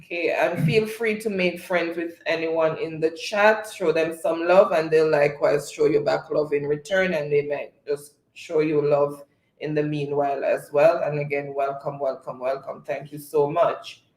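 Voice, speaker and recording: In an echoey room, a streamer with a slightly high voice reads out comments from his chat at a moderate pace. He keeps things relaxed and laughs a lot.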